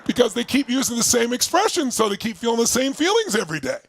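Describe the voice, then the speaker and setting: A motivational speaker with a creaky voice leads an energetic online coaching session from indoors, streaming to a video call audience. He is emphatic, running exercises with rapid-fire questions and swinging between loud bursts and low, quiet stretches.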